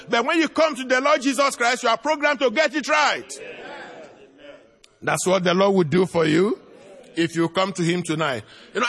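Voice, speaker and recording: A man's voice: on the high side, fairly bright tone, slightly rough. A man preaching a sermon and altar call, pleading with listeners and reciting hymn lyrics in a lilting cadence. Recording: long hall reverb.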